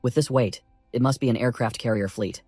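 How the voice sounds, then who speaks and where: A man's voice: medium pitch, brisk, darkish tone, slightly rough, no room sound, faint music behind. A man reading a smug genius strategist. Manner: smug and calculating.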